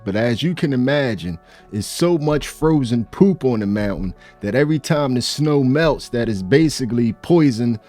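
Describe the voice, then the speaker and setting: A man's voice: mid-range voice, warm tone. Host, man, loose and chatty reaction commentary. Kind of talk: casual commentary.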